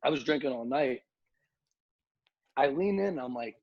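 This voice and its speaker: A man, a nightlife promoter, telling lively stories on a podcast, acting out the people he quotes. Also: mid-range voice, moderate pace, pauses often, no room sound, muffled recording. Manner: animated storyteller, acts out quotes, many fillers like "like". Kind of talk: casual podcast storytelling.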